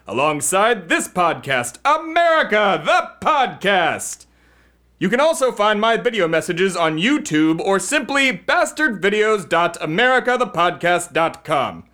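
A man's voice: high-pitched, full character voice. A man doing a brash, bombastic political fixer. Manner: bombastic, boastful, yelling. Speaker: podcast host. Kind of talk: comedy podcast character.

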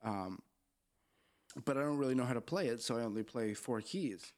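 A man's voice: mid-range voice, moderate pace. A young man from Southern Maine and band member, joking and laughing as he tells stories in a casual chat. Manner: lively, joking, laughs often.

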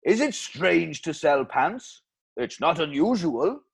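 A man's voice: big pitch swings, slow pace, creaky, husky, full character voice. A man putting on a hammy impression of a famous Welsh crooner with a put-on Welsh accent, for a comedy spoof advert. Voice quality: exaggerated, booming showman delivery.

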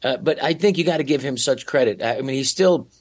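A man's voice: medium pitch, fast talker. Middle-aged man, podcast guest, rambling storyteller, casual. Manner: rambling, storytelling, lots of fillers and restarts. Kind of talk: casual chat.

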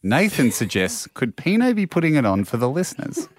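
A man's voice: a little high, huge pitch swings, fairly quick, slight background noise. A man co-hosting a casual podcast, wryly reading out a listener's message. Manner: reads listener messages aloud, wry. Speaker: co-host.

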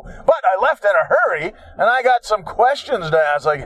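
An older man in his sixties talks through his own troubles with a high, animated voice that climbs and drops widely. He swears freely and mocks himself with a wry streak. The sound is dry and close. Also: moderate pace, hardly any pauses, no room sound. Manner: profane, wry, self-mocking storytelling. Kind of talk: rambling personal monologue.

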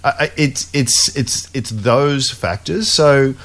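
A man's voice: mid-range voice, slow pace, fairly bright tone. A man, co-hosting an investing podcast, restarting his sentences often and poking fun at himself. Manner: hesitant, many restarts, self-deprecating. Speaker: podcast co-host. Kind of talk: casual investing podcast chat.

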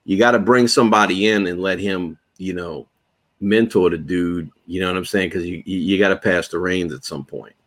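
Laid-back New man, low voice. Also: fairly even intonation, moderate pace. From New Orleans, USA. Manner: loose, slangy, peppered with "bro" and "you know". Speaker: comic creator, guest. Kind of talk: casual podcast chat.

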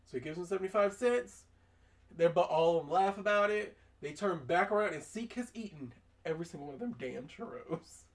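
A man's voice: sits high, lively intonation, brisk, distant mic. A man hosting a podcast, casually recapping a cartoon episode and acting out the characters' lines in raised voices. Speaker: podcast host.

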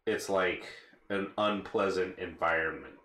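A man's voice: sits low, unhurried, sharp tone. A young man on a casual podcast guessing game, hesitant and full of fillers, swearing now and then. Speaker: co-host. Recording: echoey room.

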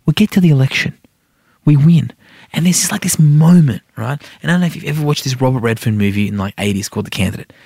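A man's voice: mid-range voice, fast talker, creaky, a little mellow, slightly rough, no room sound, clean studio sound. A middle-aged man, chatting as a guest in a rambling, filler-heavy way and often tagging "right?". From Iran. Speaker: senator and podcast guest. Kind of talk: casual interview chat.

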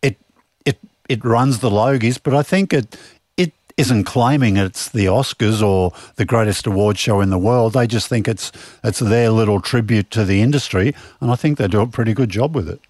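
A measured man co-hosting a radio chat, his voice fairly low. The sound is dry and close, with no room in it. He weighs each point and hedges his views. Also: a little mellow, no echo. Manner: measured, hedging with "I think" and "I mean". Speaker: co-host.

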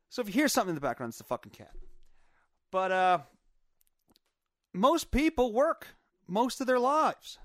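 A man's voice: sits high, no room sound, studio quality. A man hosting his own podcast from his home basement, chatting casually in a rambling, profane way with lots of filler words. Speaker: podcast host. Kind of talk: casual solo chat.

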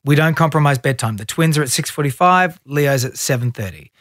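A middle-aged man chatting as a podcast guest, slipping into lively voices when he tells stories. His voice sits a little high for a man, and the sound is close and dry. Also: a little fast, no room sound. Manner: animated storyteller, acts out quotes. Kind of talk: casual interview chat.

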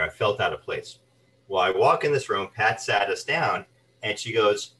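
A man with a low voice recounts his acting career as a guest. He tells stories with energy and briefly puts on the voices of the people he quotes. He sits a little back from the microphone. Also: moderate pace, recorded from a distance, low-quality recording. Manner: animated anecdotes, acts out quoted voices. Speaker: guest, actor and voice artist. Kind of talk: storytelling interview chat.

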